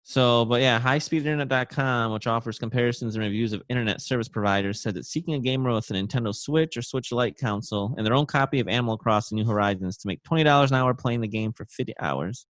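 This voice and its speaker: A man's voice: medium pitch, fast, few pauses, fairly bright tone, no echo. A man hosting a podcast, casually reading odd news stories aloud between laughs and joking asides. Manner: reads news aloud, laughs, breaks into jokey put-on voices. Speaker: podcast host.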